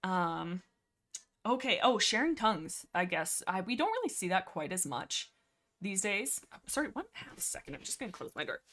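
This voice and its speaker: A woman hosting a livestream from a room at home, chatting casually about books in a rambling, excitable way with frequent laughs. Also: mid-range voice, moderate pace. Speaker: livestream host. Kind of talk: casual book chat. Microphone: desk mic.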